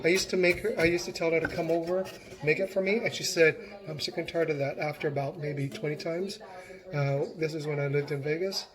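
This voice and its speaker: A man's voice: on the high side, steady tone, a little fast, crowd noise. A man giving a casual cooking demonstration in his home kitchen, chatty and encouraging as he talks while chopping.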